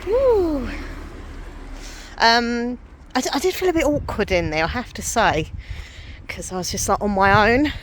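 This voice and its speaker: A woman's voice: on the high side, lively intonation, normal speed. Woman from england, casual vlog chatter, handheld phone, faint traffic noise behind. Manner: chatty, self-deprecating, laughs often. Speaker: vlogger. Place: out and about, then inside a busy café.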